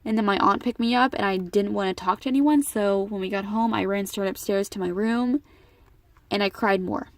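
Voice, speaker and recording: A woman's mid-range voice at normal speed belongs to a teenage vlogger telling her camera a personal story. She's emotional and rambling, restarting often.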